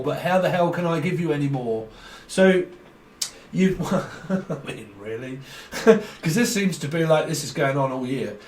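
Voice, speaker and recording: A man giving a rambling tarot reading, talking fast, jumping between ideas and laughing often. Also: mid-range voice, a little hiss or hum. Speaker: tarot reader. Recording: roomy sound from a distant mic.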